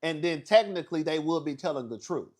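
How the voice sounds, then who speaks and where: Brisk and on the high side, this man's voice carries a casual reality show gossip recap. He tells stories sassily and animatedly, with profanity, dramatic asides and frequent laughter.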